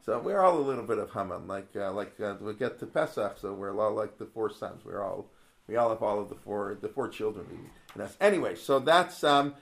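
Speaking a little fast in a lowish voice with lively intonation and vocal fry, a man teaches a Torah class casually. He poses rhetorical questions, recites Hebrew verses, and digresses with frequent restarts.

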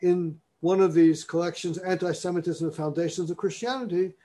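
A man lecturing in a classroom, his voice sitting a little higher than most men's. He talks in a discursive way, circling back on his points, and now and then he reads passages aloud with stress on the key words. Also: a little fast, warm tone. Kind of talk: university lecture.

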